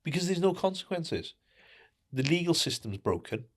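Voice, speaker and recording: A man's voice: fairly high pitch, sing-song, normal speed. A man co-hosting a casual podcast, talking indignantly and asking rhetorical questions. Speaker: podcast co-host.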